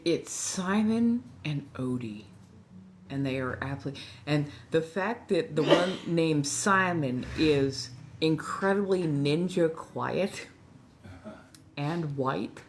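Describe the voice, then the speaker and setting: A woman's voice: low voice, slight background noise. A woman in her forties with a Californian accent, chatting and rambling on a casual livestream while slightly tipsy at a friend's house. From Southern California. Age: 40s. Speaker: livestream host.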